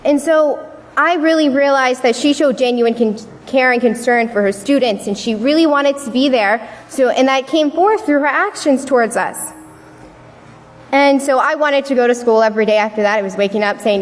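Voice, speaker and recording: A woman's voice: high voice, normal speed. Young woman telling her story in a hall. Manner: storytelling, acting out what people said. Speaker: youth speaker at a church service. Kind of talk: personal story speech. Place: large worship hall. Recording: long reverb of a large hall.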